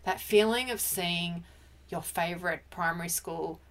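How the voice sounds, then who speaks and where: A woman's voice: on the low side, unhurried. A woman co-hosting a casual pop culture chat, emotional and chatty, often restarting her sentences. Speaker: podcast co-host.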